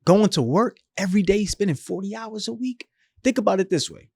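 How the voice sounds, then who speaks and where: Brief: man, 30s, podcast guest, lively slangy storyteller, slightly high voice, dry close sound. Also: fairly quick, vocal fry, husky, no room sound. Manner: animated, emphatic, slangy, acts out quoted voices. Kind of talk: storytelling in a casual interview.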